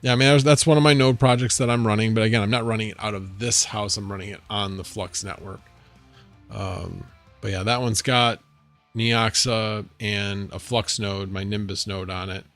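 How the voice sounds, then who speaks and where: A man's voice: on the low side, fairly even intonation, moderate pace, a bit bright, soft background music. A man hosting a casual livestream from home, rambling and thinking aloud as he answers viewers' chat. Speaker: livestream host.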